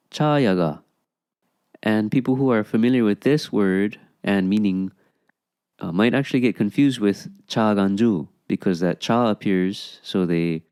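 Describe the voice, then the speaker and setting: Calm low-voiced man teaching a language. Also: clear, resonant tone, no echo, clean studio sound. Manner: patient, explanatory, many "okay"s and "um"s. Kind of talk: explaining an Okinawan phrase lesson.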